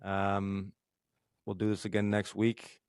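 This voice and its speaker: Man, podcast co-host, low voice, gravelly, dry sound, relaxed chat. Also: slow, dry recording. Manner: relaxed, offhand, with fillers. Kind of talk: casual chat.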